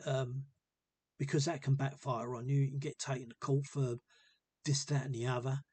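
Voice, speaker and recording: A man's voice: mid-range voice, level tone, normal speed, a little mellow, husky, dry recording. A man telling a personal story in a casual, rambling way, often repeating himself with earnest feeling.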